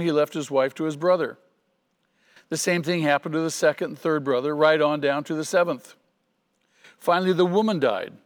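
A pastor with a higher-pitched voice preaches a sermon in an earnest, emphatic way, repeating key phrases for stress. His words trail off into a long reverb tail.

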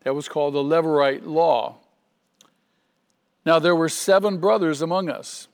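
A man's voice: on the high side, unhurried, big-room sound. A man preaching a sermon as pastor, earnest and emphatic, repeating key phrases for stress.

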